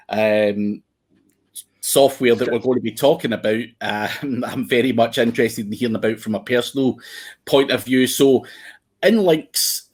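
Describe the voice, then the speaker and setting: A man hosting a podcast, asking questions in a relaxed way with many fillers. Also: mid-range voice. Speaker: podcast host. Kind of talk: casual podcast interview.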